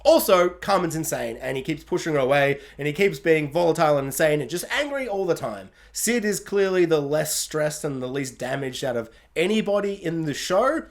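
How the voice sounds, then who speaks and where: A man giving a casual spoken review of a TV series, chatty and animated, laughing often and talking in loose, filler-heavy sentences. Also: fairly high pitch, normal speed, vocal fry, few pauses. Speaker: YouTube TV reviewer.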